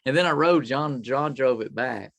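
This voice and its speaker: A man who is a tribute performer appears as a guest in a casual interview, telling rambling anecdotes and often acting out what other people said. His voice is medium in pitch and a bit bright, with vocal fry, at a moderate pace.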